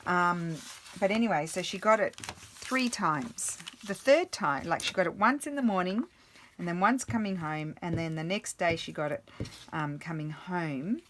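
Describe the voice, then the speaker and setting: Woman in her forties, rambling craft vlog chat, lowish voice, faint hiss and clicks. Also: unhurried, fairly bright tone. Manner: rambling, chatty, many fillers and restarts. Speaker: craft vlogger. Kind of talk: casual chat while crafting.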